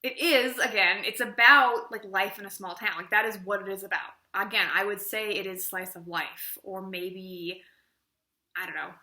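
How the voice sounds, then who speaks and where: A young woman giving an opinionated casual book review, animated and chatty, acting out little conversations as she goes. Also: mid-range voice, normal speed, reverberant. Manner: animated, chatty, acts out quoted exchanges.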